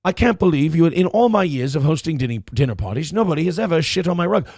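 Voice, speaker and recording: A man's voice: on the high side, lively intonation, quick pace, a little mellow, no room sound, studio quality. A man mocking a pompous, indignant TV host. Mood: outraged. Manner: haughty, self-righteous. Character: pompous indignant middle-aged male TV host.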